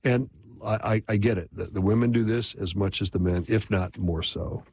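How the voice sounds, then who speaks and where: A man's voice: fairly low pitch, moderate pace, a little mellow, slight background noise. A man teaching relationship advice in a casual, conversational way, often checking in with his listeners. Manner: conversational, constant "right?" check-ins.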